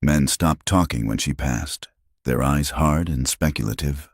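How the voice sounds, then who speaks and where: A man with an extremely low, deep voice reads a frontier story as a scripted audiobook, steady and measured. The sound is dry and close, with no room echo at all. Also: breathy edge.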